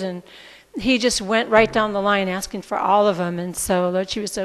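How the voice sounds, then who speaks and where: A woman's voice: mid-range voice, fairly even intonation, normal speed, smooth. Woman telling scripture stories casually. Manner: casual, chatty storytelling with fillers. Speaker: spiritual teacher. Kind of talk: scripture class storytelling. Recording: reverberant hall.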